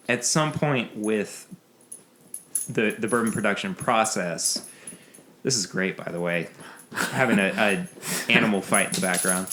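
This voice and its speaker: A man's voice: fairly low pitch, a bit bright, slight background noise. A man hosting a casual bourbon podcast, talking loosely and laughing often. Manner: rambling, laughs often, restarts. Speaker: podcast host. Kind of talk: casual chat.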